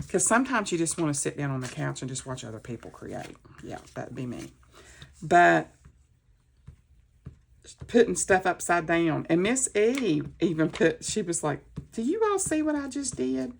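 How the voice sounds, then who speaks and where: Woman crafter in her home office, slow and rambly, narrating each step of her work. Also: low voice, creaky, slight background noise. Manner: rambling, chatty, talks through each step. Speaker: craft vlogger. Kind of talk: casual chat while crafting.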